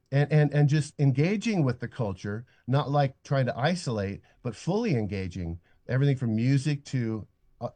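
An older man talks earnestly and reflectively, often stopping and restarting his thoughts. His voice is dark and mellow. It sounds close and dry through a studio microphone. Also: medium pitch, no room sound. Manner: earnest, reflective, stop-start. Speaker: guest. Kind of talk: radio interview.

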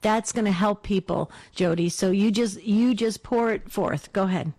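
Brief: woman radio host, earnest and encouraging, steady mid pitch. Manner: warm encouraging, slow and earnest. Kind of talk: religious call-in radio hosting.

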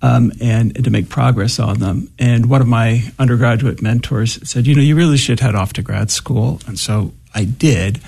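A philosophy professor talks as a radio guest in a gravelly, husky voice. He answers thoughtfully and haltingly, filling the gaps with ums and uhs. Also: mid-range voice, darkish tone. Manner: thoughtful, halting, with many fillers. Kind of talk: radio interview.

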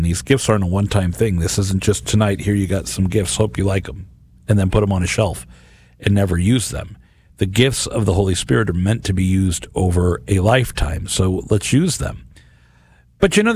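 A man's voice: fairly low pitch, darkish tone. A middle-aged man hosting a radio reflection on scripture, talking earnestly and conversationally with frequent restarts. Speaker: radio host. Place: radio studio.

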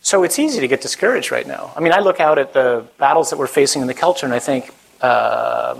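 A priest giving a conversational sermon to a live audience, with self-deprecating humor. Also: male voice, mid-range voice, lively intonation, brisk, gravelly, a little hiss or hum, rough recording. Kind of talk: sermon to a young adult group.

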